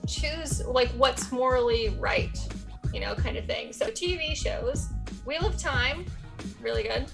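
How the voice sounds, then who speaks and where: A woman's voice: high voice, a little slow, creaky, music in the background. A woman on a panel, chatting casually and a bit hurriedly about her picks, with a laugh in her talk. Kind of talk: casual chat.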